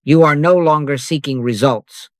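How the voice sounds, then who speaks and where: A man delivering a scripted meditative sermon as a spiritual teacher, in a measured, solemn cadence of short phrases. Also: on the high side, no echo.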